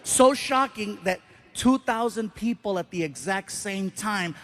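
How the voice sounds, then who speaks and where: A man doing stand-up, telling a story with animated delivery, acting out voices and shouting the punchlines. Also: high voice, measured pace. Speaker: stand-up comedian.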